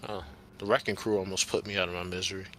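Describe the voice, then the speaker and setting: A man playing a tabletop game who talks in a casual, halting, joking way. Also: low-pitched, little pitch movement, fairly bright tone, a little hiss or hum. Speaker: player. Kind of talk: casual tabletop role-play.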